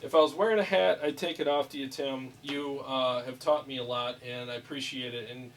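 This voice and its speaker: A man hosting a casual chat about guitar amp settings in a small studio room, upbeat and quick to laugh. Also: mid-range voice, steady tone, far from the mic, a little hiss or hum, low-quality recording. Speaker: host.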